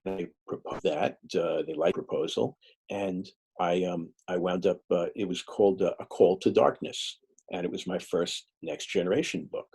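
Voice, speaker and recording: Low, husky-voiced man telling stories. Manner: relaxed, halting, acts out quoted dialogue. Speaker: author giving a talk. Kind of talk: anecdotal storytelling talk.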